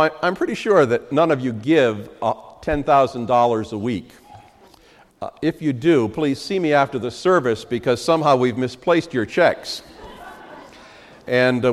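A man's voice: medium pitch, big-room sound. A middle-aged man preaching a sermon as pastor, reading scripture in earnest and talking it over with frequent "uh" fillers. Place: church sanctuary.

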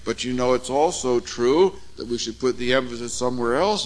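A man preaching an expository sermon, measured and emphatic, with deliberate pauses on key words. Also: mid-range voice, poor audio.

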